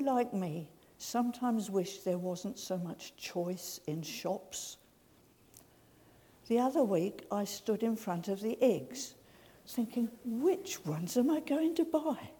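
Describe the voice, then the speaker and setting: Slow-speaking woman preaching. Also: mid-range voice, husky. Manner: gentle, slow storytelling delivery. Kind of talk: sermon. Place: large church. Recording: reverberant church hall.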